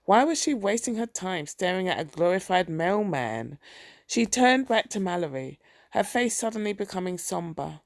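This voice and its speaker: Woman audiobook narrator, steady reading, gravelly, dry studio sound. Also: on the low side, moderate pace, dry recording. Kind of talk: scripted narration.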